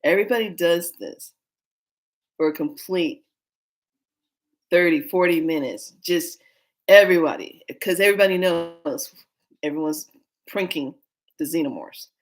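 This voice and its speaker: A woman vlogger telling a story in a casual way, animated and often breaking into laughter. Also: fairly low pitch, unhurried, long pauses.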